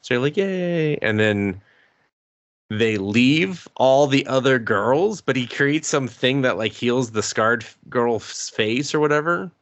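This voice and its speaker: A man's voice: medium pitch, unhurried, a bit bright, no echo. A man co-hosting a podcast, recapping anime episodes in a loose, rambling way with lots of fillers and casual swearing. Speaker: podcast co-host.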